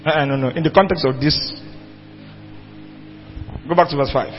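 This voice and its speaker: This sermon comes from a man whose voice is fairly high, moving at normal speed while faint music plays behind him. He preaches emphatically with rhetorical questions to the congregation, captured in a dull lo-fi church hall with long reverb.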